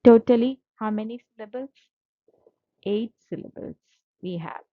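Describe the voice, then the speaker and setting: A woman's voice: fairly high pitch, moderate pace, dry recording. A woman teaching a slide-based literature lesson, patient and methodical, repeating key terms and spelling out each syllable. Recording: dull lo-fi dry recording.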